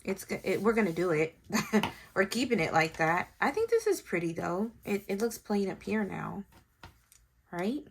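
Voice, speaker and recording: Decorating her planner on camera, a vlogger and mom tells viewers a family story, thinking aloud in chatty, casual fashion. She has an animated, gravelly mid-range voice at a moderate pace, with a little hiss or hum in the audio.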